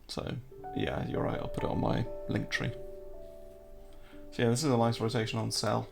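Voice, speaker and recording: A man's voice: fairly low pitch, normal speed, creaky, music in the background. An English man hosting a casual live-stream, joking, answering viewer chat and walking through trading charts. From England.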